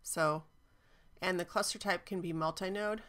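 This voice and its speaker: Woman, slightly low voice, casual tech tutorial narration, upbeat, lots of ums. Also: fairly even intonation, normal speed, fairly bright tone. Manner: chatty, enthusiastic, frequent ums. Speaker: cloud database instructor. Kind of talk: screen-recorded software walkthrough.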